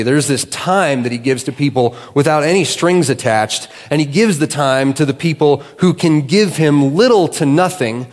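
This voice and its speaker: A man giving a sermon as a guest pastor, telling a story in a relaxed, conversational way with casual fillers. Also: a little high, in a large hall. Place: church sanctuary.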